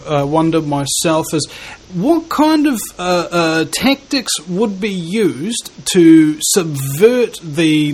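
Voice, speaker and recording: A man's voice: a little high, low-quality recording. A man with a New Zealand accent in casual conversation, musing and rambling, often restarting his sentences.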